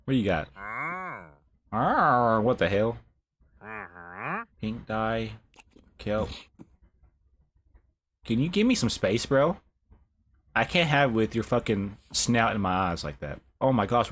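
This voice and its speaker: A man's voice: mid-range voice, fairly bright tone. A young man live-streaming a game, chatting casually, swearing and saying bro a lot. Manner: laid-back, swears, says bro a lot. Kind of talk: casual gameplay commentary.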